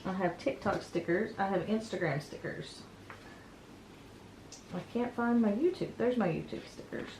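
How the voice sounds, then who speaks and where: A planner vlogger in her thirties chats casually while decorating her planner, rambling with plenty of ums and self-corrections, yawning and sounding a bit tired. Her mid-range voice is a little mellow and moves at a moderate pace with frequent pauses. A slight hiss or hum sits under the recording.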